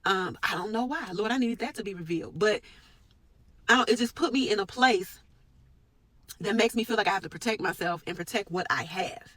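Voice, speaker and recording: Woman, personal faith vlog, earnest and conversational, sudden rises in pitch, close dry sound. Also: fairly quick, fairly bright tone, no room sound, rough recording. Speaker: medical worker sharing a personal reflection.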